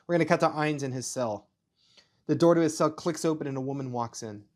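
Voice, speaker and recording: A man's voice: a little high, fairly quick, a little mellow. A man hosting his channel, reading his own screenplay aloud in a plain, matter-of-fact way. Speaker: channel host.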